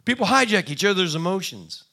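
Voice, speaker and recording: A man's voice: high voice, big pitch swings, a little fast, gravelly, sharp tone. A man preaching a sermon in a conversational, folksy way, acting out little quoted exchanges. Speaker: pastor.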